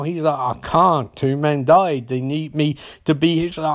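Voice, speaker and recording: A man casually recapping a movie with jokes and swearing, acting out the characters' lines in quick voices. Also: fairly high pitch.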